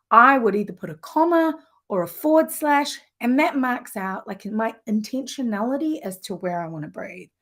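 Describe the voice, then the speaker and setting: A woman vocal coach teaching a live lesson in an enthusiastic, conversational way, with warm asides. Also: on the high side.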